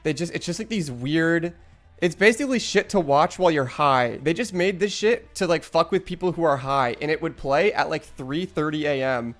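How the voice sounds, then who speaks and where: A man's voice: on the high side, moderate pace, soft background music. A young man streaming live, rambling in casual, profane chat with lots of restarts.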